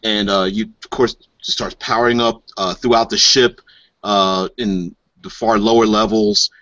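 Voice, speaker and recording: A man's voice: lowish voice, steady tone, unhurried, fairly bright tone, dry recording. A man narrating as game master of a tabletop game, casual and hesitant with fillers, in a dull lo-fi recording.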